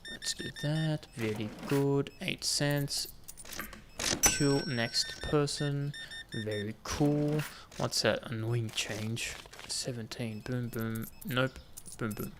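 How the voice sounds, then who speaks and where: A man's voice: medium pitch, slow pace, background noise. A man giving casual, jokey commentary while playing a game, bantering with the customers on screen. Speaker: gaming video host.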